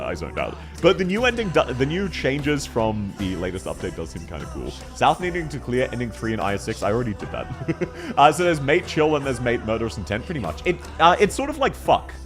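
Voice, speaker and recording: Young aussie guy streaming, super animated up-and-down voice, swears a ton, rambly. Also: medium pitch. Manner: rambling, animated, swears a lot, laughs often. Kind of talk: casual live-stream chat while gaming.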